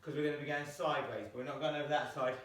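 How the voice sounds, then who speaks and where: A man teaches a home exercise lesson in a small room, counting reps aloud as he jumps and getting out of breath. His voice is medium-pitched, rapid-fire, fairly bright, and even in intonation, and the room is echoey with the mic far off.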